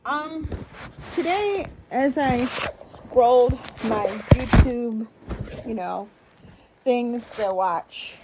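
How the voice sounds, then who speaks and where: A woman in her sixties, a YouTube commentator, gives an emotional, rambling reaction full of fillers and restarts. Her voice is a little high and she speaks very slowly. Heavy background noise runs through the clip.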